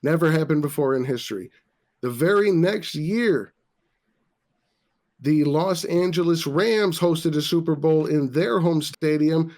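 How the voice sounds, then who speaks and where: Slightly tipsy after a few drinks, a man hosting a casual podcast rants about sports with plenty of profanity. His voice is a little high and a little mellow, and he speaks unhurriedly.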